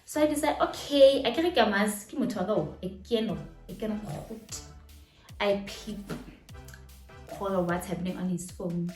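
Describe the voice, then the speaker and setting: A young woman with a South African accent, telling a dramatic personal story to camera in a casual, animated way and laughing often. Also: medium pitch, unhurried, reverberant, soft background music. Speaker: storytime vlogger.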